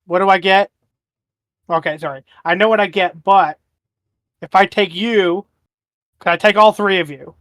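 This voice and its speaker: A man playing his character in a casual tabletop game, joking and haggling with the game master. His voice sits slightly high, recorded dry and close. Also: normal speed, pauses often, fairly bright tone, dry recording. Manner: joking, bargaining. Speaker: player.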